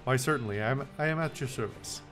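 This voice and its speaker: A man's voice: medium pitch, fast, a bit bright, faint music behind, lightly acted. A man voicing a pompous, portly male detective in a video game with a put-on French accent, speaking in a fussy, courteous and theatrical way.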